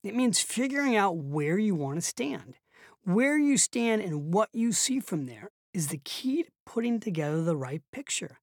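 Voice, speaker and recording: A woman voicing an elderly, gentlemanly male barista who speaks slowly and thoughtfully in an audiobook reading. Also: mid-range voice, big pitch swings, no echo, studio quality. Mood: explaining. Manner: slow, thoughtful, old-school.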